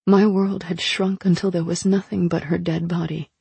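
Gravelly, husky female narrator. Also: on the low side, level tone, moderate pace, warm tone, no echo. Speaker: audiobook narrator. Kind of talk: first-person scripted narration.

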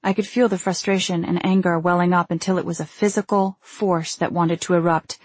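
A woman narrating a first-person novel in a measured, restrained way. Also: on the low side, little pitch movement, slightly rough, no echo. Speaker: audiobook narrator.

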